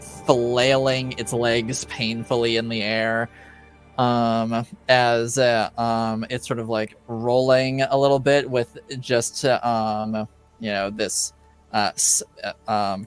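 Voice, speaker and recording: A man running a tabletop game as game master, describing scenes haltingly with many pauses and filler words. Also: medium pitch, clean tone. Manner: halting, full of ums and likes.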